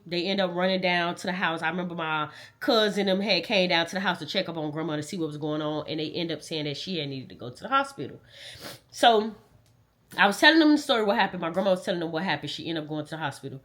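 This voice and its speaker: A woman's voice: fairly low pitch, animated, fast talker, fairly bright tone. A woman telling an emotional personal story in casual, repetitive, dialect-rich speech. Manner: conversational, repetitive, dialect grammar. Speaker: vlogger.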